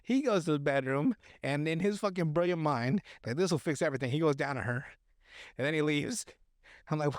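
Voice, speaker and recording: A man on a podcast casually recapping a movie, profane and animated, acting out the characters' lines as he goes. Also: a little high, fairly quick, dry recording, clean studio sound. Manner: profane, animated retelling with acted-out quotes. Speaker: podcast host.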